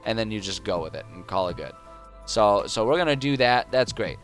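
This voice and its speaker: A young man with a lowish voice talks casually on a livestream, working out ideas aloud and stumbling through fillers and false starts. Soft music plays faintly underneath. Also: lively intonation, fairly quick. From United States. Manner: rambling, thinking aloud with many fillers and restarts. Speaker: streamer. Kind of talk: casual livestream talk while world-building.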